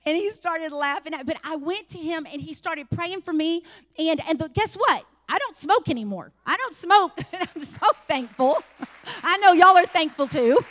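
High-voiced woman preaching in an echoing church. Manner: testifying, rising to fervent shouting. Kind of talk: sermon. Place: church sanctuary.

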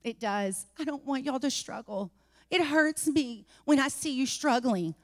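High-voiced woman preaching in an echoing church. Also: animated, unhurried. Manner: testifying, rising to fervent shouting. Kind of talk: sermon. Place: church sanctuary.

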